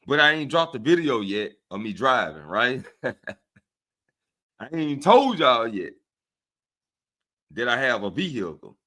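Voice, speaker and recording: A man with a Southern US accent hosting a casual livestream, speaking to his viewers in an animated, preachy way and often checking in with them. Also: mid-range voice, a little slow, pauses often. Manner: animated and preachy, often asks "right?" of listeners. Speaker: livestream host. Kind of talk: casual livestream talk to chat.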